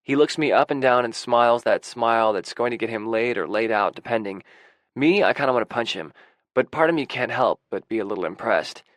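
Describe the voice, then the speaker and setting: A man narrating a first-person audiobook in a wry, gruff manner on a close studio mic. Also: mid-range voice, animated, fairly quick, a bit bright, dry recording.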